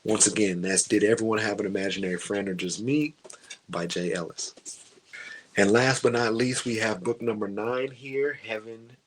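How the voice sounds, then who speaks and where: A man's voice: on the low side, moderate pace, slightly rough, rough recording. A man chatting casually through a book review, rambling and stopping to hunt for names.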